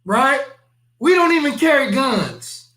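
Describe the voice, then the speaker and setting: High-pitched, bright-voiced man reacting live. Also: big pitch swings, slow. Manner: emphatic, skeptical, addresses viewers directly. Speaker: live-stream reaction host. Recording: echoey room.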